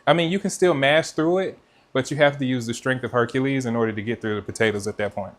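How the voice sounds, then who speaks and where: A man's voice: mid-range voice, fast talker. Chatty man hosting a live cooking stream. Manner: chatty, talks straight to viewers and reads out their comments. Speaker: cooking livestream host. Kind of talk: casual live chat while cooking. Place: kitchen. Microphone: mic with noise cancellation.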